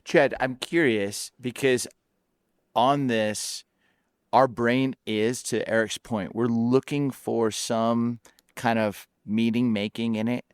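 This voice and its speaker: Animated man host telling personal stories. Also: medium pitch, slow, clear, resonant tone, dry recording, clean studio sound. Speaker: podcast host. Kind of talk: casual podcast conversation.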